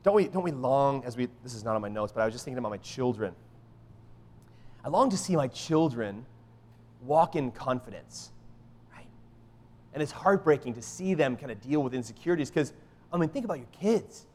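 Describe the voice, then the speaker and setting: A middle-aged man preaching a sermon in an animated, emphatic way, often checking in with the congregation by asking "right?". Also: medium pitch, a little fast, pauses often, big-room sound. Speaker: pastor.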